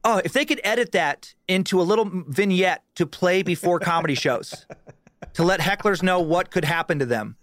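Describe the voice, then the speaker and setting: A man's voice: sits high, normal speed, a bit bright, no room sound, studio quality. A man, a comedian, telling a profane road story in casual podcast chat with lots of restarts and swearing.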